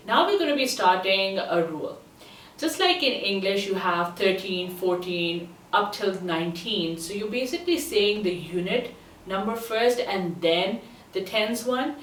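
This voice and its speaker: A woman teaching a language lesson as a tutor, pronouncing each word slowly and having listeners repeat after her. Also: medium pitch, lively intonation, fairly bright tone, reverberant, distant mic, low-quality recording. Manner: slow, deliberate pronunciation drills. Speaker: German tutor.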